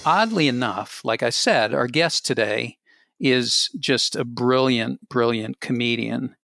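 Male host, wry and jokey, gravelly tone, dry close mic. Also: medium pitch, slow pace, a bit bright, no echo, soft background music. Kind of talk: casual talk show chat.

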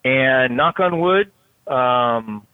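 Man, police K-9 handler, steady detailed explainer, thin phone-line sound, dry. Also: mid-range voice, drawn-out words, smooth, dry recording. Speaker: SWAT canine handler. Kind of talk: casual podcast chat.

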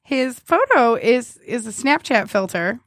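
Young female podcast co-host, casual and giggly, higher voice, dry booth sound. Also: lively intonation, measured pace, a bit bright, dry recording. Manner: giggly, reading dating messages aloud. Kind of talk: casual chat.

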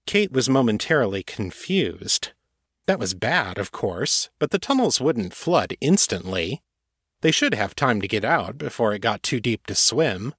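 A man narrating an audiobook in a steady, measured way. His voice sits at a middle pitch. The recording is dry and close to the mic. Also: breathy edge, no echo.

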